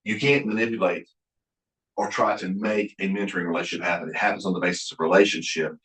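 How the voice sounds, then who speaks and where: Here a deep-voiced, middle-aged Oklahoman speaks as a guest at a Bible college, telling stories within a leadership lecture that sounds like preaching. His intonation is fairly even, his pace quick, his tone a bit bright. Earnest and folksy, he keeps restarting as he acts out old exchanges, his low voice echoing through the room.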